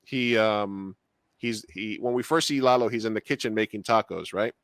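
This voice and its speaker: A man co-hosting a podcast in casual chat, rambling and animated, with lots of fillers and restarts. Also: lowish voice, normal speed, no echo, studio quality. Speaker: podcast co-host.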